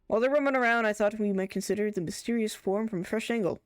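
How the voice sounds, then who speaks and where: Earnest scholar man, Irish accent, formal and measured, dry close sound, as a woman puts him on. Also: mid-range voice, clean tone, no room sound, natural voice. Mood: inquisitive.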